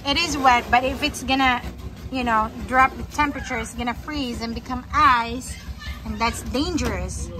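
A woman's voice: a little high, normal speed. A young adult woman and mother, chatting casually and cooing in baby talk to her children while filming a family home video on a phone.

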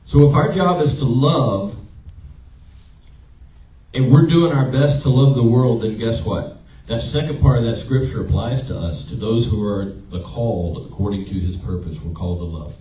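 A man's voice: mid-range voice, normal speed, dark tone. A man, a pastor, preaching a conversational sermon, telling personal stories and asking his congregation questions. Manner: conversational, emotional storytelling with audience questions. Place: church sanctuary. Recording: roomy, distant, dull church recording.

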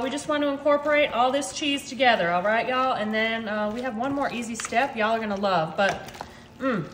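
A woman's voice: high-pitched, a bit bright, slight background noise. Chatty woman cooking, echoey kitchen. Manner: chatty, upbeat, says "y'all" constantly. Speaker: home cook. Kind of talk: casual cooking video. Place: home kitchen.

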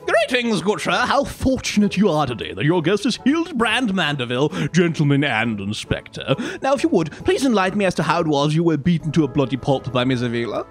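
A man voicing a pompous gentleman inspector with a British upper-class accent, haughty and theatrical. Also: a little high, big pitch swings, fairly quick, hardly any pauses, faint music behind.

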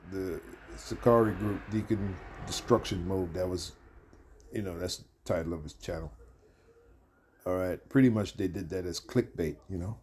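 A man's voice: fairly low pitch, mellow, slightly rough. A man giving loose, conversational preaching commentary on a video ministry, full of asides and fillers.

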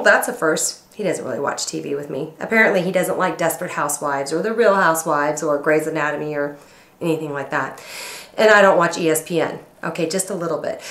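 A woman vlogger telling a story in a casual, animated, playfully teasing way. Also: on the low side. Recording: roomy echo.

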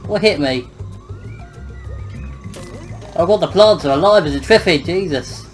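A man's voice: high voice, expressive, unhurried, over music, rough recording. A young man giving casual, joking let's-play commentary, muttering and swearing at the game. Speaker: gameplay commentator.

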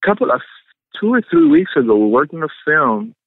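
Animated, profane man telling stories. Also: fairly high pitch, brisk, dry recording, phone-quality sound. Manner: animated, profane, laughs often. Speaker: actor guest. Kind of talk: casual interview storytelling.

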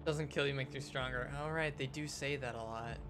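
A young man cracking dark jokes with friends while playing a game. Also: mid-range voice, fairly even intonation, brisk, soft background music. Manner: joking, darkly playful. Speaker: co-player.

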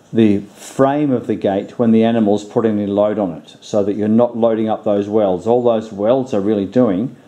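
A man hosting a do-it-yourself channel, sounding nasal and congested from illness, explaining his work in a relaxed, plain-spoken, practical way. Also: lowish voice. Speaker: DIY channel host. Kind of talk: casual how-to explanation.

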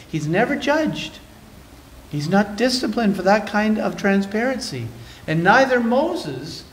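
Canadian male pastor, high-pitched, dynamic sermon delivery with scripture reading. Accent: Canadian English. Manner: preaching with dynamic shifts between loud and soft, reading scripture aloud. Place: church sanctuary.

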